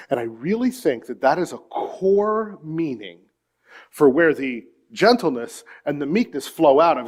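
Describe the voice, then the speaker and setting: Earnest pastor, man, preaching. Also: on the high side. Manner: earnest storytelling, swings from hushed to emphatic. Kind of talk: sermon. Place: church.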